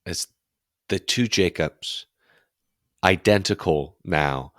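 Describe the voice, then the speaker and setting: A man narrating a tabletop horror game as game master, in slow, measured speech and with questions to the player. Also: low-pitched, fairly bright tone, no room sound, studio quality.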